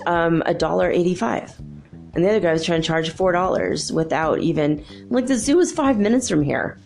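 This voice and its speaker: Middle-aged woman, low voice, gravelly, rambling spiritual talk, faint guitar behind. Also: a little mellow. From United States. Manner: chatty, rambling storyteller, laughs often. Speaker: spiritual podcast host.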